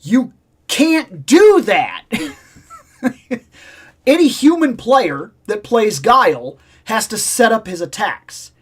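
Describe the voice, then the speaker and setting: A middle-aged man hosting a casual chat, telling a nostalgic story in an animated way, with loud exclamations and low asides. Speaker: host.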